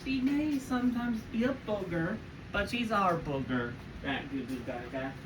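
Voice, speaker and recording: A woman's voice: mid-range voice, expressive, unhurried. A woman trading teasing asides in a casual family chat at home. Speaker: family member. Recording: distant, roomy, noisy.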